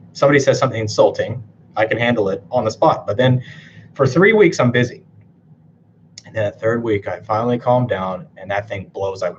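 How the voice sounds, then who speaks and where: A man's voice: medium pitch, slight background noise. Blunt, swearing man, dull lo-fi sound. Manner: blunt, swears a lot, tags sentences with "right?". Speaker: typology and NLP coach. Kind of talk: casual, profane talk to camera.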